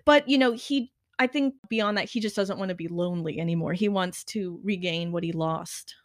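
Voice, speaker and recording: A woman's voice: fairly low pitch, moderate pace, dry recording, clean studio sound. Enthusiastic woman recapping a show. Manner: enthusiastic, acts out quoted lines. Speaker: podcast co-host. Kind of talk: casual chat recapping a TV show.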